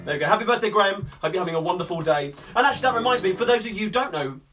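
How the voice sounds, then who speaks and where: A man's voice: sits high, lively intonation, racing, fairly bright tone. A man from hosting a live sing-along, chatting upbeat and rambling with lots of fillers. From Coventry, England. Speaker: singer and host of a live-streamed sing-along. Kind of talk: chatty live-stream banter between songs. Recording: distant mic with guitar playing.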